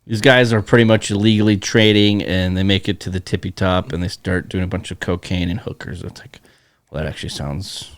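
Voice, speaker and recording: Male podcast co-host, low register, dry teasing banter, dead-dry sound. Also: steady tone, fairly quick, no echo. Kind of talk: casual chat. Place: Bismarck, North Dakota.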